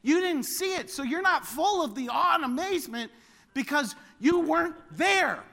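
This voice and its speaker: A man preaching a sermon as pastor, animated and building to loud exclamations. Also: extremely high pitch, moderate pace, vocal fry.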